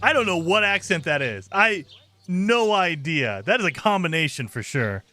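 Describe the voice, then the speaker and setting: Male let's-play host, casual and exasperated, slightly high pitch. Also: big pitch swings, moderate pace, over music. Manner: exasperated, laughs often, talks over the game. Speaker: gaming channel host.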